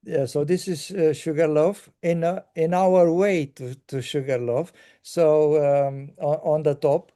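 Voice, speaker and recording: An older man from Romania, recounting a tour in casual conversation, halting with many fillers and restarts. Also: fairly high pitch, fairly even intonation, mellow.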